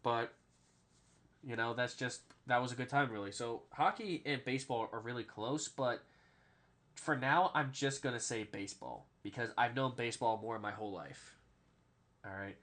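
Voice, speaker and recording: Bright-voiced rambling podcast host. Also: male voice, mid-range voice, moderate pace. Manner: rambling storyteller, keeps adding "all right?", swears freely. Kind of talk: casual sports podcast chat.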